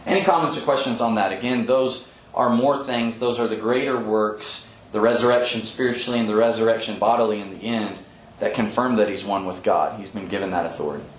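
A man leading a Bible study, explaining scripture earnestly with frequent pauses and ums, often quoting verses. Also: lowish voice, slight background noise. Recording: echoey room with faint ambience.

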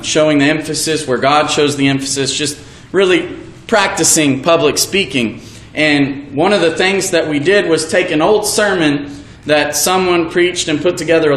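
Earnest preacher in an echoey hall. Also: male voice, fairly high pitch, a bit bright. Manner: earnest, halting delivery with restarts, slows to stress key words. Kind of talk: evening sermon. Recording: echoey room.

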